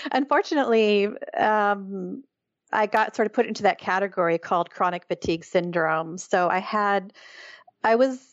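A woman's voice: medium pitch, normal speed, no room sound. A middle-aged woman speaks as an interview guest, earnest and reflective as she recounts her experience. Her voice comes through a slightly dull, lo-fi line with a dry, close sound. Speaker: guest, author. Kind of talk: interview conversation.

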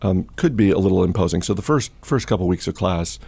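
Male podcast host, lowish husky voice, casual storyteller with lots of ums. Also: expressive, fast, dark tone. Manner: chatty, with many fillers and restarts. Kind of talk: casual storytelling and market chat.

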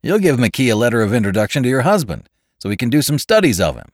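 A man's voice: medium pitch, sing-song, quick pace, no echo, clean studio sound, pitched above the performer's own voice. A man reading aloud, voicing a brusque, domineering wealthy man. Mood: mocking.

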